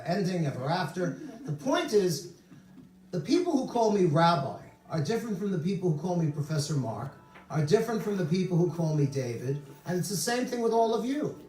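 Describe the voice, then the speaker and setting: A man preaching as a rabbi, telling stories and slipping in jokes. His voice sits somewhat high and swings widely in pitch. He is recorded from across a roomy, echoing synagogue sanctuary. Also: a little mellow, recorded from a distance. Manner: storytelling with humorous asides. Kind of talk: sermon.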